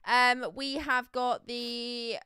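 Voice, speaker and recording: Bright, crisp woman hosting live. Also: fairly high pitch, flat delivery, very slow, no echo, studio quality. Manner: chatty and upbeat, reading out chat and prices. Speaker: live auction stream host. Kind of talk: casual live-stream chat.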